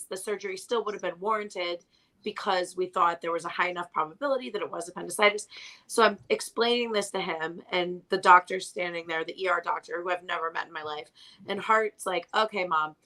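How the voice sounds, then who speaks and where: A woman co-hosting a parenting podcast, telling long, animated stories about her kids in casual chat. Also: fairly low pitch, brisk, poor audio. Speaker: podcast co-host.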